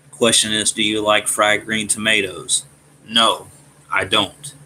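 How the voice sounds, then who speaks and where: A man from Alabama with a Southern accent and a gruff voice, casually chatting with his live-stream viewers and often stumbling over his words. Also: fairly low pitch, level tone, pushed and bright, a little hiss or hum, rough recording. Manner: halting, repeats words and restarts. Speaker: streamer reading chat.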